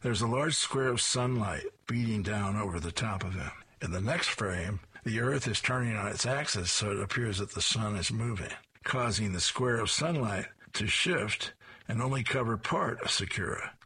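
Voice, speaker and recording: A man's voice: fairly low pitch, expressive, moderate pace, pushed and bright, husky. A man reading newspaper comic strips aloud, describing each panel and adding chuckled asides.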